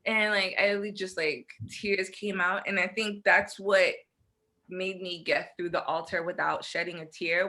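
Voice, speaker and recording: A woman's voice: fairly low pitch, measured pace. A young woman co-hosting a podcast, telling a story in casual chat and acting out what people said. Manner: animated storytelling, acting out quotes. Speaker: podcast co-host.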